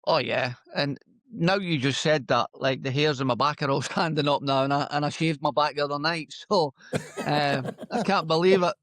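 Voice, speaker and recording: A man's voice: a little high, moderate pace, dry recording, studio quality. Scottish man with a Lancashire lilt. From Scotland. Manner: relaxed, anecdotal storytelling. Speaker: podcast guest, former footballer. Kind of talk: casual interview chat.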